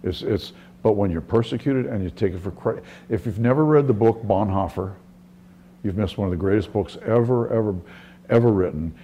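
A middle-aged man preaches as a pastor in a lowish, dark-toned voice at normal speed, with slight background noise. He tells stories conversationally and often restarts his sentences.

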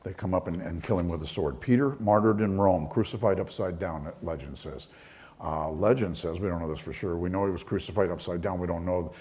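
Deep mellow-voiced guy preaching, telling stories casually then getting louder and higher on the big points. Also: fairly quick. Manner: conversational storytelling, voice climbing higher and louder when preaching. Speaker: pastor. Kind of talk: sermon with personal stories.

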